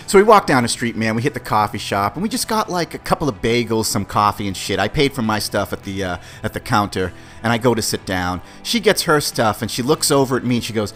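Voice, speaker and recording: A male podcast host tells a story about himself in a loose, profane way and keeps calling his listeners "guys." His pitch leaps around as he moves from shouted disbelief to quiet grumbling. Soft music plays faintly in the background. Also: lively intonation, quick pace, few pauses. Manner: swings from shouted disbelief to low mutters. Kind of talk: casual storytelling monologue.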